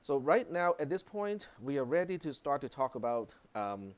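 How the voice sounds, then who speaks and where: A man's voice: medium pitch, big pitch swings, normal speed. A man lecturing a college computer class in a casual, conversational way, full of fillers and checks like "okay?". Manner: conversational, many fillers and tag questions. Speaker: college instructor.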